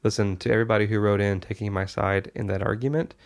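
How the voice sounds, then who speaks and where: Low-voiced man rambling through a story. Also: level tone, quick pace, vocal fry. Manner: rambling storyteller, jokey, many "uh" fillers. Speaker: podcast co-host telling the episode's story. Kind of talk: casual comedic podcast chat.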